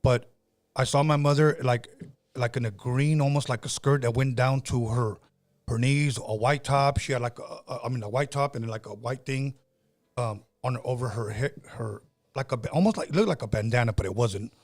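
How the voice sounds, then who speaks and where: A man's voice: medium pitch, normal speed, no echo. A man hosting a casual podcast, telling a story in a rambling way with many restarts. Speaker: podcast host.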